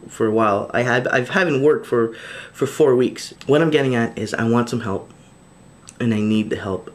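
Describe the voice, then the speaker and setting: Man, video diary to camera, earnest, pleading, plenty of restarts and fillers, middle pitch. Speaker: vlogger.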